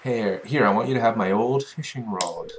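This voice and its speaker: A man's voice: on the low side, normal speed, slight background noise, close to an everyday voice. A man voicing a jolly older male fisherman shopkeeper with a put-on Irish accent and hearty, folksy manner. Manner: hearty folksy sailor talk.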